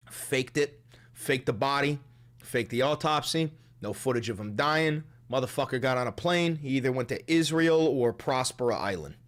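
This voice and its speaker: Foul-mouthed streamer ranting at his chat. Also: mid-range voice. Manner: blunt, swearing, conspiratorial rants. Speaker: streamer reacting to a clip. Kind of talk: profane live-stream commentary.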